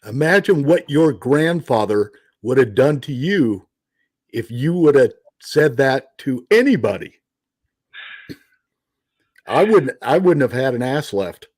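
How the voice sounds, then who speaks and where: A man with a husky voice is a guest on a casual panel chat. His pitch swings in a lively way, and he laughs often and asks rhetorical questions. The sound is dry. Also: slow pace, no room sound.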